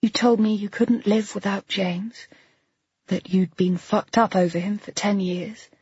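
A woman voicing a gentle, worried woman friend who speaks quietly and pleadingly in an audiobook. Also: mid-range voice, steady tone, measured pace, slightly rough, no echo, dull audio. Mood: quietly probing. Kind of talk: audiobook character voice.

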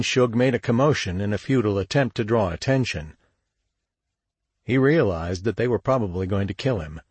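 A man narrating a crime story in a steady, measured audiobook read. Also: on the low side, husky, dry recording. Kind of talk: scripted narration.

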